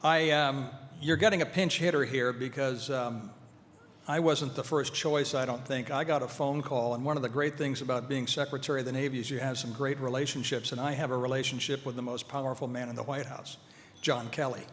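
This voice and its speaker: A man giving a formal speech to an audience at a veterans' event, measured and earnest, with touches of light humor. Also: mid-range voice, steady tone, fairly bright tone. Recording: hall reverb, faint ambience.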